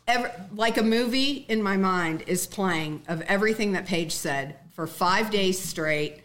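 A woman's voice: lowish voice, measured pace, few pauses, a bit bright. A woman guest telling a personal story in earnest, acting out the dialogue she quotes.

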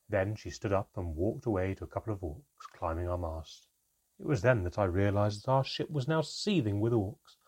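A man reading a fantasy story aloud, slowing down for dramatic moments. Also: lowish voice, a little mellow, breathy edge. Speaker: narrator. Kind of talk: scripted story narration.

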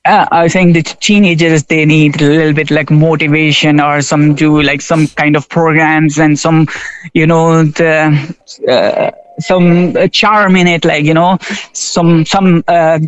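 A man's voice: a little high, flat delivery, unhurried, clean tone, lo-fi sound. A man from Pakistan, a shop worker being interviewed on the radio, speaking hesitantly and searching for words with many fillers, laughing easily. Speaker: railway station shop worker interviewed as guest.

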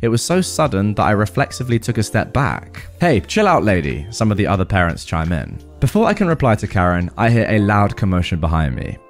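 Very animated male storyteller. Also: fairly low pitch, fairly quick, hardly any pauses, soft background music. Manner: expressive, animated reading. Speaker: storytime podcast host. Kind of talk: reading a story aloud.

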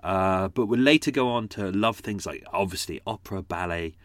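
A man with a lowish voice rambles through behind-the-scenes notes, often restarting and correcting himself. The sound is close and dry, with no room around it. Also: moderate pace, dry recording. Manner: rambling, self-correcting, chatty. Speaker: podcast creator. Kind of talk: casual behind-the-scenes commentary.

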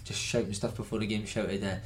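A man's voice: on the low side, level tone, a little hiss or hum. A Scottish man, a former footballer, co-hosting a podcast, talking casually and telling anecdotes with lots of "mate". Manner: fast, storytelling, slangy with "mate".

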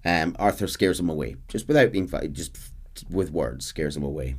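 A man hosting a podcast, casually recapping a game's story in a chatty, animated way. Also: rumbling low, normal speed. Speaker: podcast host narrating a game story.

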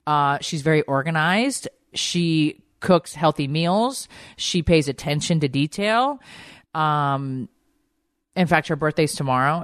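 A woman's voice: sits low, dry recording, studio quality. A woman in her thirties hosting a casual chat show, talking candidly and rambling, with plenty of swearing and filler words. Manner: candid, rambling, swears freely, heavy use of "like". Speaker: podcast host.

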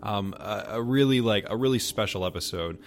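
A man's voice: fairly low pitch, brisk. A man hosting a podcast, reflecting thoughtfully on the conversation with frequent fillers. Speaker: podcast host.

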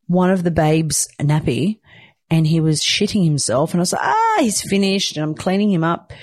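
A woman's voice: low voice, a little mellow, dry recording, clean studio sound. A sleep-deprived new mother talking candidly in a casual weekly chat, swearing lightly and laughing often. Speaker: weekly vlogger, new mother of twin boys.

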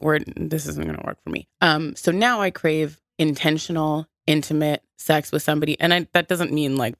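A woman's voice: low-pitched, creaky, dry recording. Woman in her 30s, blunt and laughing a lot, dry close mic. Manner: candid, blunt and laughing often. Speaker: podcast co-host. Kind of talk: casual chat.

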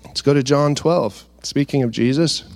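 A man's voice: mid-range voice, normal speed, darkish tone. A man preaching a sermon and reading scripture aloud. He asks his listeners rhetorical questions.

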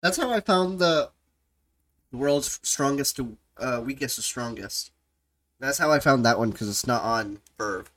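A man's voice: medium pitch, lively intonation, unhurried, a bit bright, low-quality recording. A man hosting a podcast in casual chat, giggly and easily sidetracked. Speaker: podcast host.

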